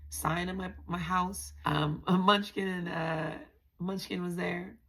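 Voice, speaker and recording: A woman's voice: lowish voice, steady tone, slow, vocal fry, fairly bright tone, slightly rough. A woman hosting a podcast, telling her own story in a candid, blunt way and often calling her listeners y'all. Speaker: podcast host. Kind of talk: confessional personal storytelling.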